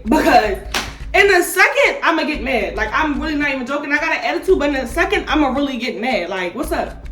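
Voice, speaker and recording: A young woman vlogger telling a storytime in a slangy, animated, indignant way, firing off rhetorical questions. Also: high-pitched, fast talker. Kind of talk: storytime vlog. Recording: echoey room, mic at a distance, faint music.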